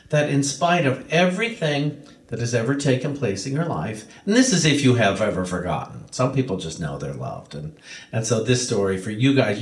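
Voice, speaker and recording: A male preacher retelling a parable in a sermon, with emphatic repetition. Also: lowish voice. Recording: roomy echo.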